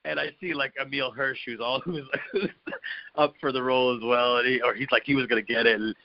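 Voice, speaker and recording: A man hosting a podcast, telling a story in a loose, animated way, swearing often and laughing mid-sentence, on a dull lo-fi recording. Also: mid-range voice, fast talker. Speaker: podcast host. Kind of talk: casual storytelling chat.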